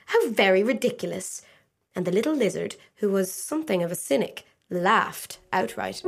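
A woman narrating a fairy tale in a gentle, measured storybook reading. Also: medium pitch. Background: faint music.

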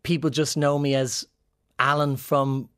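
A man's voice: medium pitch, little pitch movement, unhurried, a bit bright, smooth. A man with an Irish accent chatting in an interview, telling playful, joking anecdotes as a comedian guest. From Ireland. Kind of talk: casual interview chat.

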